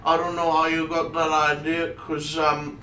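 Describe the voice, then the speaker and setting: A man's voice: on the high side, monotone, unhurried, sharp tone, echoey room, distant mic, voice pushed up, rough recording. A man voicing a nervous small middle-aged male gnome who stammers and hesitates.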